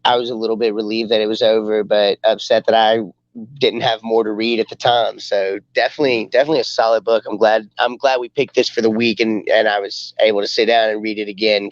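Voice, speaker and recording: A man's voice: on the low side, no room sound, lo-fi sound. A man co-hosting a podcast, chatting enthusiastically and rambling as he retells a comic book. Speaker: podcast co-host. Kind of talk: casual chat reviewing comics.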